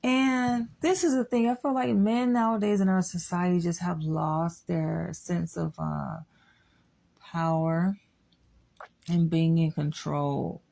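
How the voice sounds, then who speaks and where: A woman's voice: lowish voice, fairly even intonation, slow, vocal fry, warm tone. A young adult woman giving a blunt, candid monologue to her audience, swearing freely as she states her opinions. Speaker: vlogger.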